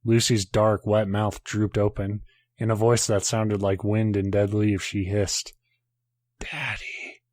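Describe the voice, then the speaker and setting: A man's voice: lowish voice, monotone, a little slow, darkish tone, no room sound. A man, a podcast host, reading a horror story aloud in a casual way, now and then breaking off to joke and swear.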